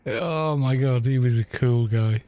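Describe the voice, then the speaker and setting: A middle-aged British man streaming a game from home, drifting from one story to the next at an unhurried, leisurely pace. His voice sits in an ordinary middle pitch and his talk is loose and rambling, with the odd casual swear word. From Britain. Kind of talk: casual chat while gaming.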